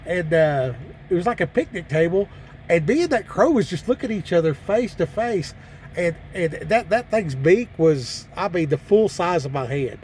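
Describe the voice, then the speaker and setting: In a storytelling vlog from his truck cab on a mountain pass, a man spins folksy, drawling yarns packed with fillers and false starts. His high-pitched, darkish voice is animated and at a normal speed, with a little hiss or hum audible.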